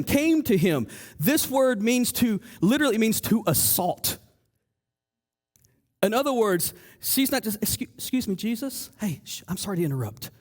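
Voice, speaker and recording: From a church sanctuary, a pastor with a high voice gives an energetic sermon, acting out the voices of people in his story. His delivery is full of stammers and restarts.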